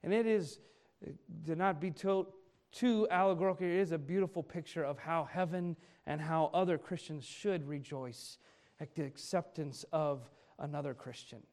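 A male pastor preaching a sermon in an animated way, acting out the speech of people he quotes. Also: fairly high pitch, moderate pace.

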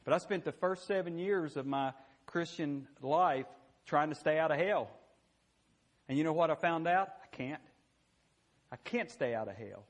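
A man's voice: on the high side, lively intonation, moderate pace, pauses often. A man preaching a sermon in a church, folksy and conversational, often asking "you know what?".

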